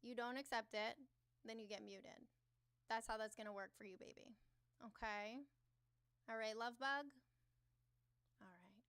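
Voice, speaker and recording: A woman hosting a casual livestream with a voice pitched a bit high. She talks straight to her viewers, teasing them, answering the chat aloud and swearing without a second thought. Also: steady tone, measured pace, pauses often, a bit bright, clear, resonant tone. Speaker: livestream host.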